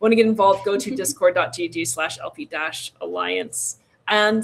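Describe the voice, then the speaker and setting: A woman's voice: lowish voice, sing-song, moderate pace. A woman co-hosting a casual livestream, rambling and joking with fillers as she wraps up. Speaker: podcast co-host.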